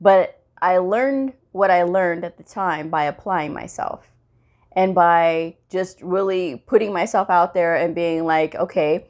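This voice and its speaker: A woman hosting a medical coding channel, telling a work story in a casual, animated way, acting out quoted dialogue and laughing often. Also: fairly low pitch.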